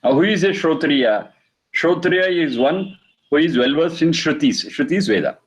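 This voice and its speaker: Man teaching Vedic verses, slow and repeating. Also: on the high side, animated, poor audio. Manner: slow, repeats Sanskrit phrases and explains them. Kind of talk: religious lecture.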